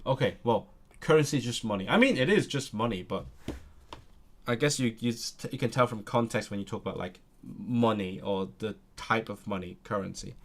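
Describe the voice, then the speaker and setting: Slow, hesitant man thinking aloud. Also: lowish voice. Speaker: language learner streamer. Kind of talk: livestream self-study.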